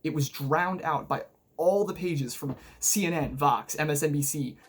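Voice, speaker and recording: A man's voice: fairly high pitch, normal speed, slight background noise. A man narrating a sarcastic political video essay, combative and mocking, full of rhetorical questions. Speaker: political commentary video host.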